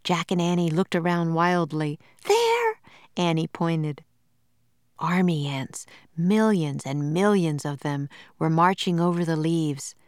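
A woman narrating a children's storybook in a slow, measured and clear manner. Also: deep voice, fairly even intonation, darkish tone, no room sound, studio quality.

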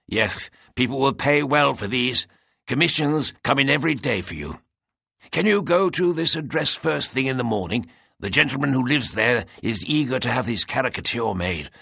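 A man's voice: mid-range voice, animated, moderate pace, gravelly, pushed and bright, slightly rough, dry recording, studio quality, pitched above the performer's own voice, exaggerated voice. A man voicing an old male art shopkeeper who lisps and coaxes eagerly. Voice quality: lisping.

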